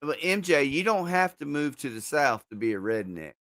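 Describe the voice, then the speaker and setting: A man's voice: a little high, sing-song, normal speed, fairly bright tone, no room sound. A man co-hosting a live stream in laid-back casual chat, often agreeing and chuckling along. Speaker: stream co-host.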